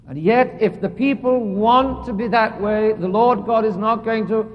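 A man with a high voice delivers an earnest sermon, repeating his phrases for emphasis. His words ring out with a long reverb, as in a church. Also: unhurried, muffled recording. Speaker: preacher.

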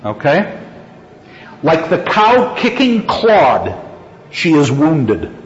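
A man lectures on a story, reading passages and then explaining them in a slow, deliberate way. His voice sits a little high. The recording is dull and lo-fi, with a long echo from a large hall. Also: wildly swooping pitch. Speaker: literature teacher. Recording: echoey hall, dull lo-fi sound.

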